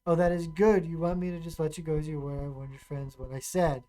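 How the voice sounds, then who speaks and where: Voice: medium pitch, level tone, fast, very noisy, close to an everyday voice. A streamer reading out the lines of a mocking old man in a text adventure, with little change from the streamer's own voice. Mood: taunting.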